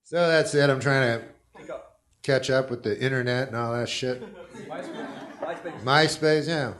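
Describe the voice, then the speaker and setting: A middle-aged man doing a deadpan stand-up routine, rambling with halting asides and trailing fillers. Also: mid-range voice. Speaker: stand-up comedian.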